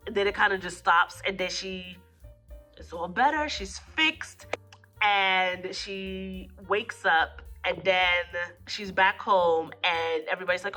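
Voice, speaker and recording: A woman talks through a film's plot in a loose, rambling way, with lots of "like" and "you know". Her voice is lower pitched but bright and forceful. Faint music plays underneath. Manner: rambling, filler-heavy, acts out quotes. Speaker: movie reviewer. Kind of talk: casual spoken plot recap.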